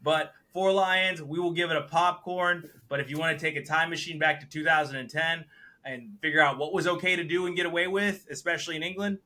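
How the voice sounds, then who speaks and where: A man with a bright, forceful voice, pitched a bit high for a man, talking casually on a podcast about the films he watched. He gets animated and throws himself into the lines he quotes. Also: fairly quick. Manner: animated, acts out quotes with big jumps in pitch and volume. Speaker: podcast co-host reviewing films. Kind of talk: casual chat.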